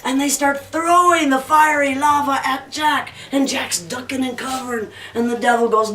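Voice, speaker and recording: A woman's voice: high-pitched, steady tone, moderate pace, few pauses, bright, forceful tone. Woman spinning a folktale, playful and theatrical, mic kinda far, echoey room, some music. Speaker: storyteller. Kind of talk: folktale narration. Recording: roomy distant recording, faint music.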